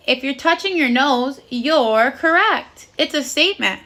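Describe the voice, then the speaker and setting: A woman's voice: sits high, animated, a little slow, pushed and bright. A woman teaching a recorded phonics lesson to first graders, speaking in a cheerful, sing-song voice and praising the children often.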